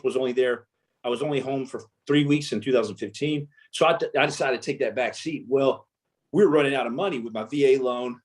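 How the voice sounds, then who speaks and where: A man, a former Navy SEAL guest, telling war stories in a casual interview and acting out the dialogue. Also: mid-range voice. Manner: animated storyteller, acts out quoted dialogue.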